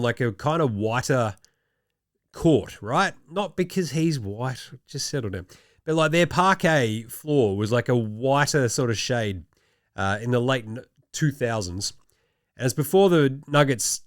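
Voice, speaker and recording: A man hosting a casual, sweary sports commentary show, full of sarcastic, animated rants. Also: medium pitch, dry recording, studio quality. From Australia. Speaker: podcast host.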